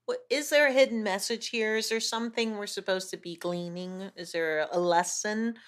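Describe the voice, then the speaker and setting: A woman co-hosting a movie podcast, talking in an animated way, swearing freely and quick to laugh. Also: medium pitch. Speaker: podcast co-host. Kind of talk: casual chat.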